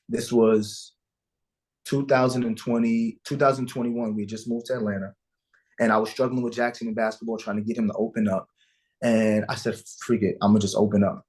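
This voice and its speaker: A man's voice: medium pitch, little pitch movement, moderate pace. A man as an interview guest, earnestly and emotionally telling a personal story about fatherhood and acting out the dialogue.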